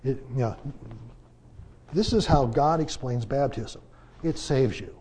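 In a conversational, sermon-like Bible lesson, a man asks rhetorical questions and stresses his arguments through dramatic changes in volume. His mid-range voice moves a little slowly and carries a breathy edge.

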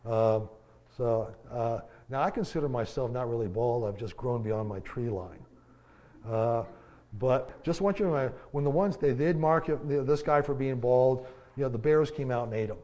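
A man preaching a sermon in a casual, halting way, with lots of fillers and the odd folksy joke. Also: mid-range voice, dark tone. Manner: conversational, halting, many fillers and restarts; folksy, joking aside.

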